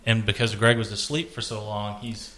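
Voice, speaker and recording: A man's voice: on the low side, level tone, moderate pace, a bit bright. A man hosting a casual podcast, rambling and swearing as he chats about television. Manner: rambling, profane, joking. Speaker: podcast host. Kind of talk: casual chat.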